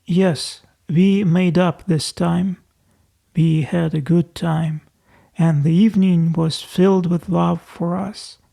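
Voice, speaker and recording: A man reading a novel aloud as an audiobook narrator, in slow, deliberate storytelling. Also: on the high side, steady tone, vocal fry, mellow.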